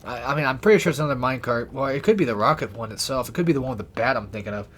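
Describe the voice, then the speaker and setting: A man's voice: medium pitch, expressive, rapid-fire, faint music behind. A man doing casual, profane and rambling commentary over a video game, a little out of breath. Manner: rambling, profane, self-deprecating. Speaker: let's play gamer.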